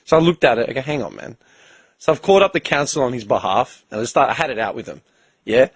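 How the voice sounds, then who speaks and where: An Australian man with a husky voice and a dry, close sound tells a story in a profane, animated way. He acts out every voice in the exchange himself. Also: medium pitch, quick pace, no echo. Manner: profane, animated storyteller who acts out both sides of conversations. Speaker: podcast host. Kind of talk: casual storytelling chat.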